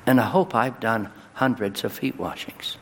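A male pastor delivering a sermon in a church, his voice jumping high and loud on key words. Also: normal speed, slight background noise. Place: church sanctuary. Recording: long hall reverb, faint ambience.

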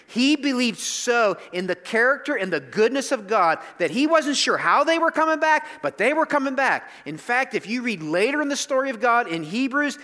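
High, bright-voiced preacher in a reverberant hall. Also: male voice. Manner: conversational, emphatic preaching. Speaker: pastor. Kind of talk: sermon.

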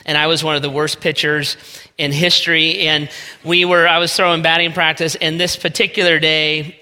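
A Northeast Ohio pastor in his forties delivers a folksy, self-deprecating sermon built around a personal story in a church sanctuary. His voice sits a little high, with a sharp, clear, resonant tone. The recording carries long hall reverb.

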